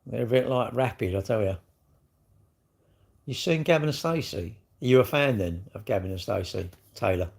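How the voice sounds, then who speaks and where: A man's voice: lowish voice, expressive, moderate pace, gravelly, darkish tone, slightly rough. A middle-aged man, chatting casually on a livestream in a rambling, blunt way with lots of slang. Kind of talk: casual livestream chat reading viewer comments.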